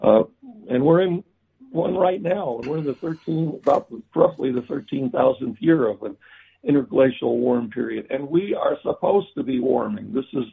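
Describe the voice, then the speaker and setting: A man being interviewed about his book, talking haltingly with many restarts and fillers. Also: medium pitch, lively intonation, gravelly, slightly rough. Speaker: book author guest. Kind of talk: remote interview. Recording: tinny phone-like line.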